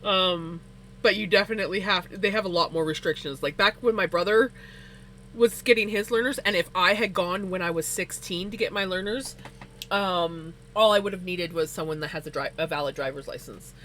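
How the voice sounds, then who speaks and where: A woman hosting a casual livestream, chatting while she knits and telling stories with lots of laughter. Her voice shoots up high when she gets excited. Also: normal speed, a little hiss or hum, poor audio. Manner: animated storyteller, laughs often, voice climbs high when excited. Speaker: livestream host. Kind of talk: casual chat while knitting on stream.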